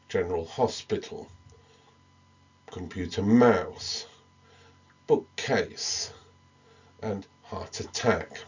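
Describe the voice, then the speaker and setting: A man giving a recorded English lesson, talking slowly with many ums and small restarts. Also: medium pitch, dark tone, breathy edge, muffled recording. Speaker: medical English teacher.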